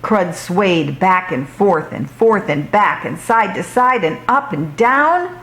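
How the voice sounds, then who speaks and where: A woman reading a children's book aloud in a slow, expressive storytelling voice. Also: fairly low pitch.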